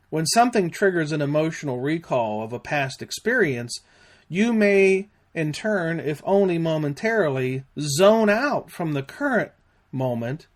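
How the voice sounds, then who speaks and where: A man with a somewhat high voice hosts an educational podcast. He reads a prepared script in a measured, deliberate way, pausing between phrases. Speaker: podcast host and safety instructor.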